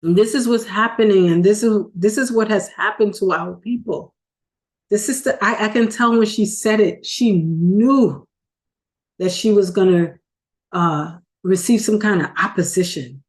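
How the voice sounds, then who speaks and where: A woman's voice: mid-range voice, a little slow, a little mellow. A woman talking earnestly and emotionally in a casual vlog recorded in her car. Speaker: video host.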